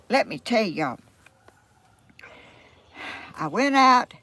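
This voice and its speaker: Slow-talking older Southern woman. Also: fairly low pitch, fairly bright tone. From Georgia, USA. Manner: folksy, rambling, exclaims often. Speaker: vlogger. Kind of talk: casual chat to camera. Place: at home by a yard.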